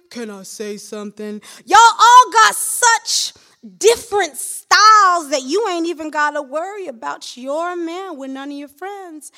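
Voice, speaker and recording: A woman performing a brash male street catcaller in a spoken-word poem, loud and coaxing, calling out in a sing-song voice. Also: extremely high pitch, voice pushed up, heavily acted.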